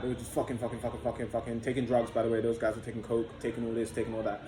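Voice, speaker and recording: A man's voice: medium pitch, flat delivery, racing, few pauses, over music. A young man telling a story to his vlog audience in a loose, profane, casual way, full of fillers. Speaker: vlogger. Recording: echoey room with faint background noise.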